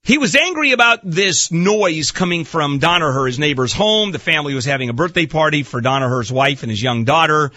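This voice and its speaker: A man's voice: fairly high pitch, animated, fairly quick, few pauses, bright, forceful tone, dry recording, dull audio. A man hosting a talk radio show, giving emphatic, pointed commentary. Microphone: studio microphone.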